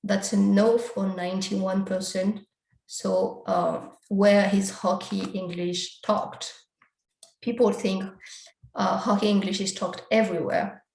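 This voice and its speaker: Woman, academic presenter, explanatory research talk, mid-range pitch, roomy echo. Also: flat delivery, takes it slowly, creaky, darkish tone. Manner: explanatory, steps through results with frequent quotes of survey questions. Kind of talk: research talk walking through slides.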